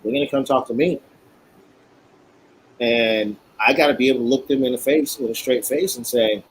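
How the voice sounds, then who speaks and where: Man telling stories with animated quotes. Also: mid-range voice, normal speed, long pauses, slight background noise, poor audio. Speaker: guest, cigar maker. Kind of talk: casual storytelling.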